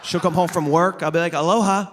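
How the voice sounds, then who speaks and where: A man in his thirties works a live crowd as a stand-up comic. His voice sits a little high. He talks into a stage mic, dry and sarcastic, teasing people in the room. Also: little pitch movement, fast, a little hiss or hum. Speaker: comedian. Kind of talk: stand-up comedy. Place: stage before a live audience. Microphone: amplified stage microphone.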